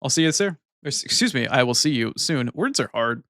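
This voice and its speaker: A man's voice: mid-range voice, lively intonation, fairly quick, a bit bright, dry recording, studio quality. A man streaming live, bantering with his chat casually, teasing and swearing freely.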